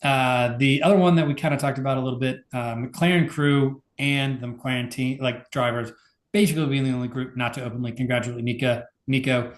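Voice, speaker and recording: A man's voice: mid-range voice, fairly even intonation, brisk, echoey room. A man co-hosting a podcast, talking in a laid-back, casual way with lots of fillers. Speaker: podcast co-host. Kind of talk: casual chat.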